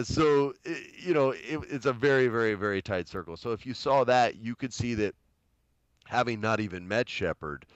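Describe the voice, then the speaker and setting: A man in his late thirties from New Mexico telling an animated story in a casual interview. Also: mid-range voice, normal speed, dry recording. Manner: animated, chatty, uses lots of fillers. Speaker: guest, actor.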